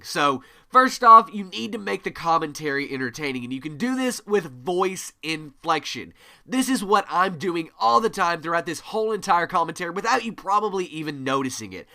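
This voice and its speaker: Guy doing a gaming how-to, hyped up, bouncy pitch, bright tense voice, usb mic. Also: moderate pace, vocal fry. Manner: energetic, constantly varying pitch. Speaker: gaming YouTuber. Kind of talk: tutorial talk to camera. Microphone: USB desk microphone.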